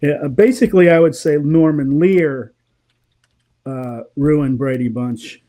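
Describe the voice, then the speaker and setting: A man, a guest in a casual interview, telling animated, opinionated stories and laughing often. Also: a little high, measured pace.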